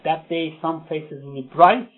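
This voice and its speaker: A man delivers an earnest sermon in a somewhat high voice, reading out scripture and then unpacking it with pauses and fillers. The sound is thin and tinny, like a phone line, with soft music underneath. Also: steady tone. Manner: earnest, recites verses then explains them with frequent pauses. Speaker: religious lecturer.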